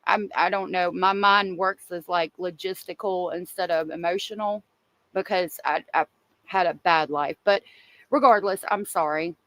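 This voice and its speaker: A woman's voice: lowish voice, fairly even intonation, moderate pace, a bit bright, dry recording. A woman hosting a true crime livestream, talking casually and emotionally and answering viewers in the chat.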